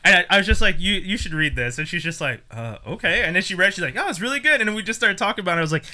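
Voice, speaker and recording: An excited man hosting a podcast, talking fast and eagerly. His voice is bright and sharp. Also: high voice. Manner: excited, quick, enthusiastic. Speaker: podcast host. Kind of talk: casual podcast chat.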